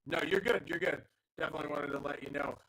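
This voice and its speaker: A man's voice: fairly high pitch, fast talker, a crowd in the background, poor audio. A man hosting a live online audio chat, enthusiastic and rambling with lots of fillers. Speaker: host of a live audio space.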